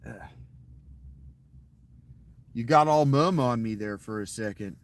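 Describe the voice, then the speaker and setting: A man's voice: medium pitch, slow pace. A man chatting casually with his viewers in a boastful, crude, rambling way. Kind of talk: casual live chat with viewers.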